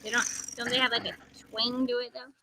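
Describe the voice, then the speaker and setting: A woman's voice: a little high, flat delivery, brisk, noisy background. A woman co-hosting a casual livestream chat who laughs easily. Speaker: co-host.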